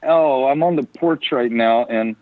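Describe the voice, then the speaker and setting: A man's voice: medium pitch, unhurried, no echo. Southern guy pastor phoning in from his porch, teasing, tinny dry line. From American South. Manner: playful, teasing, chatty. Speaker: pastor, guest. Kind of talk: casual phone conversation. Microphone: phone call.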